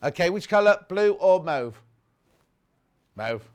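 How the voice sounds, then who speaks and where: Speaking slowly in a high, animated voice, this UK presenter shows off fabrics during a live shopping broadcast. He chats and jokes in an easygoing way while reading viewer messages aloud.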